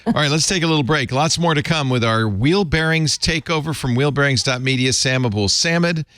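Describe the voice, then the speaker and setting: A man from Rhode Island, USA, where he grew up, hosts a casual tech panel chat, chatty and joking with lively swings in pitch. He talks briskly, and the clean studio recording has no room sound.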